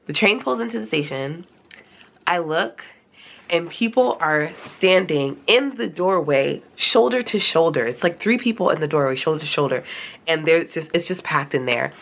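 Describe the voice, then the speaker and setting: Low, gravelly young woman telling a story. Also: measured pace. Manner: animated, acts out her own reactions in a high voice. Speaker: vlogger. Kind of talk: casual storytime monologue.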